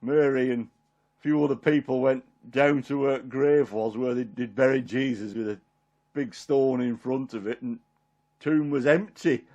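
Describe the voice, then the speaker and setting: A man's voice: medium pitch, fairly even intonation, moderate pace, warm tone, highs cut off, lightly acted. A man playing the apostle Peter, a homely fisherman, in a rambling, chuckling one-man Bible monologue. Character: apostle Peter, middle-aged fisherman, homely and warm-hearted. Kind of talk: dramatic character monologue.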